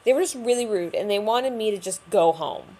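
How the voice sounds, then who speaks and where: This young woman's mid-range voice has lively intonation, a slightly quick pace, and a touch of mellowness. Speaking to camera as a vlogger, she chats openly about a rough stretch, peppering her story with fillers.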